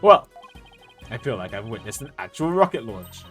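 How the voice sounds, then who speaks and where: A man streaming a game, musing over the plot with dry, joking remarks. His pitch moves lively up and down, with quiet game music behind him. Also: moderate pace, breathy edge. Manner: wry, joking asides and reading text aloud. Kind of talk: casual let's-play commentary.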